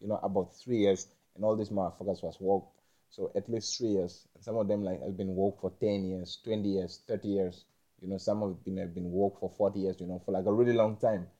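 Rambling man with a mellow voice. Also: deep voice, level tone. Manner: halting, repeats words, swears often. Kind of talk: rambling spoken monologue.

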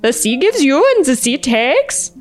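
A woman's voice: sits high, very animated, unhurried, soft background music, pitched above the performer's own voice. A woman putting on an exaggerated mock Swedish accent, reading a dramatic line in a playful singsong. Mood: hammy. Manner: sing-song, exaggerated, playful.

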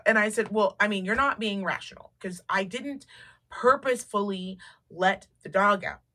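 A woman co-hosting a podcast in a casual chat. She tells stories with animation, acting out what people said and swearing freely. Her voice is bright and forceful and sits at a middle pitch. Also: normal speed. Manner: animated storyteller, swears freely, acts out quotes. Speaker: podcast co-host.

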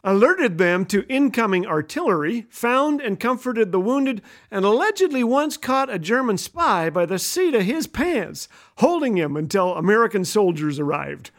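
A man's voice: sits high, big pitch swings, normal speed, few pauses, a bit bright. A middle-aged man hosting a humorous radio talk, telling stories playfully and laughing at his own jokes. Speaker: radio host. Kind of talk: humorous storytelling monologue.

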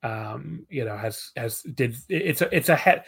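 A man's voice: mid-range voice, animated, a little slow, vocal fry, a bit bright, husky. A man appearing as a guest on a podcast, talking casually and rambling, often laughing at himself. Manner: laughing, rambling, self-deprecating.

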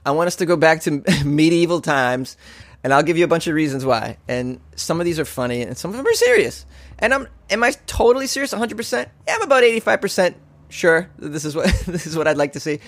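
A man's voice: on the high side, animated, fast talker, fairly bright tone, no room sound. A male stand-up comedian ranting alone on a podcast, sarcastic and profane, often laughing at his own points. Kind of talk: solo comedic podcast rant.

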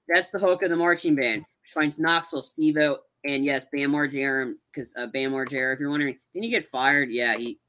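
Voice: medium pitch, steady tone, fairly quick, hardly any pauses, pushed and bright. A young adult podcast co-host chatting casually about a movie, rambling with lots of fillers and restarts.

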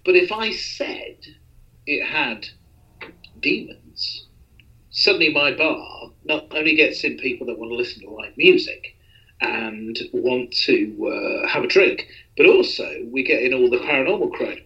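A man's voice: mid-range voice, animated, a little slow, sharp tone, highs cut off. A man hosting a podcast, talking in a rambling, self-deprecating casual way with many restarts. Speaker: podcast host.

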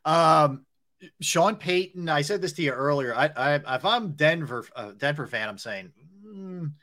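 A man's voice: fairly high pitch, moderate pace, bright, forceful tone. A man co-hosting a sports talk show, talking conversationally and reeling off player stats with plenty of "you know" and "um". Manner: conversational, rattles off stats, many fillers. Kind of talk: casual sports radio chat.

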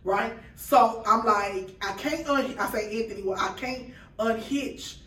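A woman's voice: fairly high pitch, a little slow, sharp tone, far from the mic, slight background noise. A woman guest on a podcast, telling a story in casual chat and acting out the dialogue with quoted voices. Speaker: guest, food truck owner. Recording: roomy sound from off-mic.

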